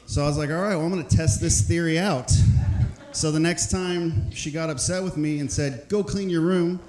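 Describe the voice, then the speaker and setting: A man doing a stand-up set in a comedy club, telling a story quickly and with animation. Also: a little high, fairly even intonation, a little mellow, slight background noise. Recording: echoey club room, faint crowd murmur.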